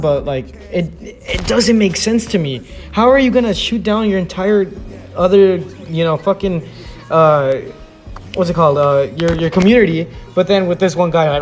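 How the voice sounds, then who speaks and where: A YouTube commentator with a high, slightly mellow voice rants in exasperation about viewer comments. He swears often and keeps restarting his sentences.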